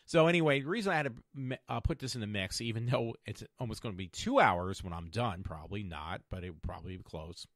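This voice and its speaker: A man's voice: fairly low pitch, fast talker, hardly any pauses, a bit bright, no room sound. Dry, rambling male podcast host. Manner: rambling, opinionated, self-correcting with many fillers. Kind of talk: rambling solo podcast commentary.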